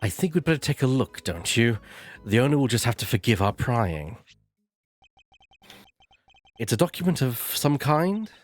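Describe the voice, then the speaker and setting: A man voicing a poised, formal male prosecutor in a fan voice-over of a game, speaking in a measured, dry way. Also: medium pitch, sing-song.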